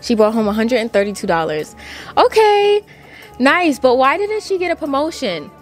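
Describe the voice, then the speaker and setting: A young woman giving casual, playful commentary while playing a life-sim game, full of "like" and quick asides. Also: high voice, very animated, soft background music. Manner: chatty, playful, lots of "like". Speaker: gaming YouTuber. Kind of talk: casual let's-play commentary.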